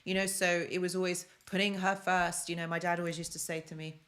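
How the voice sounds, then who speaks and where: A woman's voice: fairly low pitch, little pitch movement, fairly quick, fairly bright tone. London-born woman hosting a live stream. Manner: chatty, repeats phrases for emphasis, reads out viewer comments. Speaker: host of a self-help live stream. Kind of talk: casual live-stream coaching talk.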